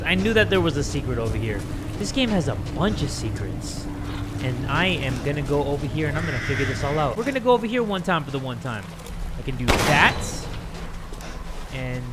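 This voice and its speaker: A man commenting on a horror game he plays, joking, swearing and yelling in panic at the scares. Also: a little high, very noisy. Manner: excitable, screams and yells at jumpscares; jokey, swears a lot. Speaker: gaming YouTuber.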